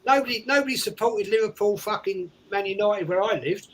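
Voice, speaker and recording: A man's voice: high voice, a little fast, a bit bright, rough recording. A man co-hosting a casual chat on a video call, insistent, swearing and repeating himself. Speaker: co-host.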